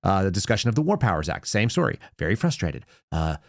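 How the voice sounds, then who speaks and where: A man's voice: low-pitched, big pitch swings, fast, creaky, no room sound, clean studio sound. A man hosting a political commentary show, ranting with sarcastic asides. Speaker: show host.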